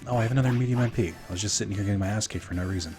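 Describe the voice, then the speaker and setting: A young man streams a game casually, his fairly low voice racing as he rambles to chat, relaxed and full of fillers. Game music plays behind him.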